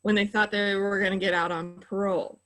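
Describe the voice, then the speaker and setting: A middle-aged woman who works in mental health offers practical guidance in a relaxed interview. She explains step by step in a patient manner, with plenty of "you know" fillers. Her pitch is ordinary for a woman. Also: a little fast, poor audio. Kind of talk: advice in a conversational interview.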